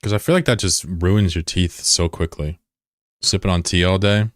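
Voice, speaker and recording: A man's voice: low voice, steady tone, moderate pace, dry recording, clean studio sound. A man streaming a game and chatting casually with viewers, rambling and curious, with plenty of fillers and swearing. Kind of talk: casual chat with viewers while gaming.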